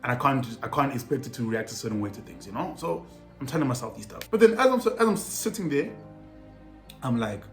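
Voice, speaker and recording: A young South African man telling a personal story to camera in a casual, animated way, heavy on slang and repeated phrases. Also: mid-range voice, brisk. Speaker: storytelling vlogger. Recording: roomy echo with faint music.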